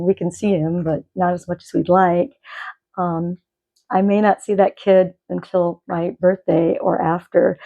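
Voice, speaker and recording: A woman's voice: medium pitch, mellow, lo-fi sound. A middle-aged woman from Michigan, rambling in casual chat as the host of a knitting podcast at home. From Michigan, USA. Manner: chatty, rambling, self-correcting.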